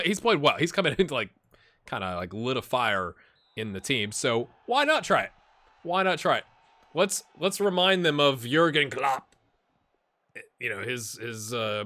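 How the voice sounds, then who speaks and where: A man hosting a gaming channel, casually commenting while he plays, chatty and rambling, with laughs and sudden excited outbursts. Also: medium pitch, no echo. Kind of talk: casual commentary while playing a football management game.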